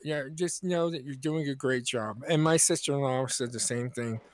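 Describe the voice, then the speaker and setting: A man co-hosting a podcast, speaking in relaxed, reflective casual chat and giving quick agreeing replies. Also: mid-range voice, dry recording. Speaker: podcast co-host.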